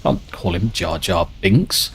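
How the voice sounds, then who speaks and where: A man's voice: low-pitched, takes it slowly, husky. A man chatting casually and swearing a lot while he streams a game and reads out viewer messages. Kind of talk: casual gameplay chat.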